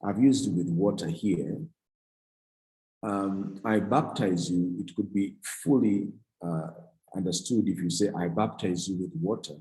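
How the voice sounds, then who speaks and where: A male teacher works through a grammar lesson in a low, mellow voice. He explains patiently, pausing, restarting and correcting himself as he goes. The sound carries a noticeable room echo. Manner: explains slowly, with frequent restarts and self-corrections. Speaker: Greek teacher. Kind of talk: classroom lecture.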